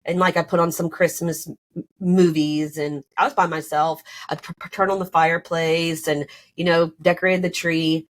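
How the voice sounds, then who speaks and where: Woman in her thirties, deep-pitched, recounting a painful story, casual and halting. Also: little pitch movement. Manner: emotional, rambling with many fillers and restarts. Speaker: podcast guest telling her story.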